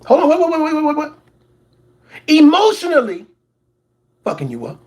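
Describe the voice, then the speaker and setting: A man's voice: very high-pitched, wildly swooping pitch, moderate pace, darkish tone. A man hosting a reaction commentary show, preaching at his audience, repeating words for emphasis and mocking others in put-on voices. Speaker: commentary channel host.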